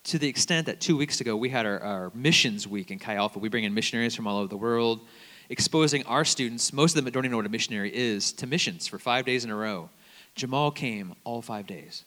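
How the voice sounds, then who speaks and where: Bright-voiced man preaching in a reverberant hall. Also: medium pitch, fast talker. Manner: conversational, animated storytelling with quoted voices. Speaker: campus minister. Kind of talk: sermon with storytelling.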